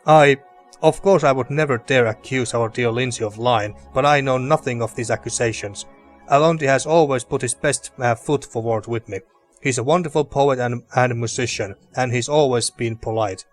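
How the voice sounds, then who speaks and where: A man voicing an older male teacher, gentle and pleading, in a measured, earnest reading of game dialogue. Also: medium pitch, soft background music, close to an everyday voice.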